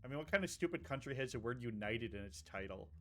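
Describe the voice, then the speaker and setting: A man's voice: mid-range voice, animated, fast, a bit bright, faint music behind. A man co-hosting a casual podcast chat, tossing in dry joking asides. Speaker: co-host, VTuber.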